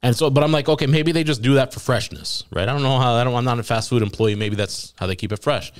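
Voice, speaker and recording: A young man casually telling a long funny story on a podcast, acting out the voices of the people in it and laughing at times. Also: mid-range voice. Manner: animated storyteller quoting voices, laughing at his own story. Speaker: podcast guest.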